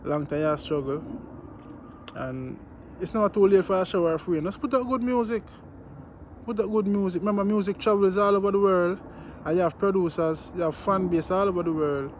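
A Jamaican man gives a casual vlog commentary in a slightly high voice. He repeats his points and keeps checking in with "you know what I mean". Faint noise sits behind him. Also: a little fast. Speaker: news vlogger.

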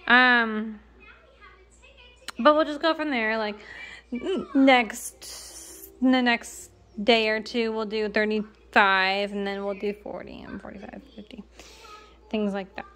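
A woman's voice: a little high, fairly even intonation, slow, pauses often, sharp tone. A young woman giving a casual home vlog update, rambling with lots of fillers and restarts, and she has the hiccups. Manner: rambling, filler-heavy, self-correcting. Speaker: parent vlogger.

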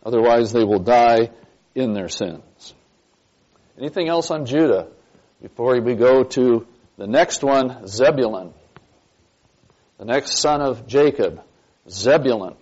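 Slow, emphatic pastor teaching Bible class. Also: male voice, medium pitch, lively intonation, a little mellow. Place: church classroom. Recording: dull lo-fi recording.

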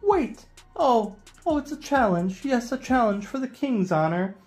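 A man squealing as an excitable royal herald. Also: very high-pitched, a little slow, soft background music, pitched above the performer's own voice, full character voice. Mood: thrilled. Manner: squealing, breathless announcing. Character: excitable male herald of a king.

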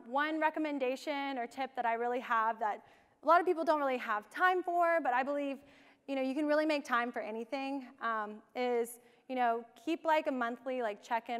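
Speaking at a conference, a young woman keeps things casual and sprinkles her talk with plenty of "ums" and "you knows." Her voice is fairly high, clean, and slightly bright, and the large hall leaves a long reverb on the recording.

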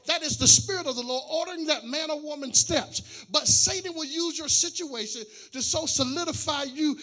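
A middle-aged man, a pastor, preaching a sermon with loud shouted and sung lines that drop into quiet joking asides. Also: very high voice. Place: church sanctuary.

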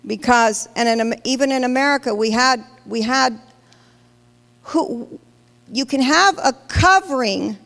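This woman pastor's voice is a little high, gravelly and a touch bright. She preaches emphatically in a large church hall, questioning the congregation directly, with long hall reverb on the recording.

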